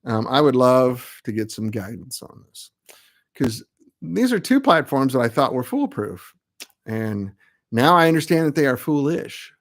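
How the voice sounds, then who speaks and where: A man's voice: mid-range voice, sing-song, a little slow. Rambling, chatty man on a live stream. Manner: rambling, self-mocking, chatty. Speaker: amp builder hosting a live web show. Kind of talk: casual live-stream chat.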